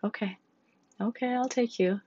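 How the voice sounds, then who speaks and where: A woman voicing a tired mother who speaks softly and sighs as she soothes her sick daughter in a storybook reading. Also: mid-range voice, normal speed, gravelly, dry recording, highs cut off. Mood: soft, soothing. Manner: soft, hushed, sighing.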